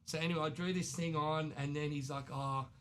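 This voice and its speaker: A man in his forties with an Australian accent, telling wild work stories in casual chat, animated and swearing, acting out the people he quotes. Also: on the high side, a little fast, a little hiss or hum. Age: 40s. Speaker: tattoo artist guest. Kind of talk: casual storytelling.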